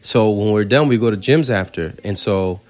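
A man, a stand-up comedian telling stories on a podcast in a casual, animated way, swearing freely. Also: fairly low pitch, moderate pace. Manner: animated storyteller, swears freely, acts out quoted voices.

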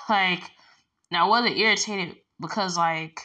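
A woman's voice: fairly low pitch, slow pace, lo-fi sound. A woman telling a long personal story in a casual, rambling way, acting out the back-and-forth with lots of filler words. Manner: rambling, animated, acts out quoted exchanges with filler words.

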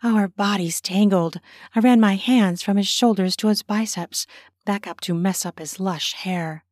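Slow intimate woman narrating erotica. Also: medium pitch, a little mellow, no echo, studio quality. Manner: slow, intimate, drifting into whispers.

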